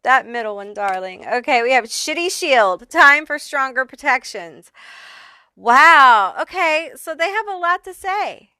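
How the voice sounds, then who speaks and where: Unhurried, bright-voiced tarot reader woman. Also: sits high, lively intonation, clear, resonant tone, dry recording. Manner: casual, laughs often, swears freely. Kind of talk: pick-a-card tarot reading.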